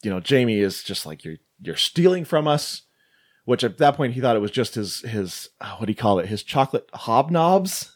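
A man co-hosting a podcast, retelling movie scenes in a casual, swearing way. His pitch swings widely as he quotes lines and breaks into laughter. The talk is loose and chatty. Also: brisk, hardly any pauses. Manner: animated, swearing. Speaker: podcast co-host. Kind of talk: casual chat reviewing a film.

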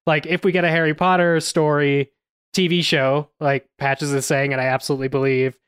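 A man with a smooth, resonant voice thinks aloud on a film podcast. He hedges and restarts as he goes and swears offhandedly. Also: a little high, little pitch movement, brisk, a bit bright. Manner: thoughtful, hesitant, swears. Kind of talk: casual chat.

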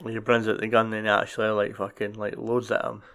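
A man chats about a film with a low, gravelly yet smooth voice. He mostly agrees in short, relaxed replies. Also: a little fast. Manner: brief agreeing interjections, laughs along. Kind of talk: casual film chat.

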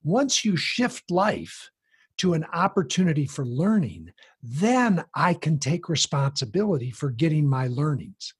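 A man explaining a parenting approach in conversation, animated and acting out the voices of people he quotes. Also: a little high, a little slow, slightly rough.

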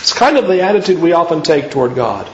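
A man preaching a sermon in an earnest, emphatic way, pushing his pitch up to stress his points. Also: sing-song, quick pace, roomy sound, highs cut off, slight background noise.

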